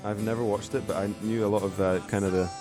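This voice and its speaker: A man's voice: lowish voice, flat delivery, fast, over loud music. A young man streaming casually, laid-back and rambling, with some swearing. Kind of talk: casual livestream chat.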